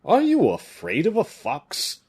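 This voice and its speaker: A man doing a loud, high-pitched hulking musketeer. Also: huge pitch swings, takes it slowly, gravelly, slightly rough, full character voice. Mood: alarmed. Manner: loud, raised exclamations.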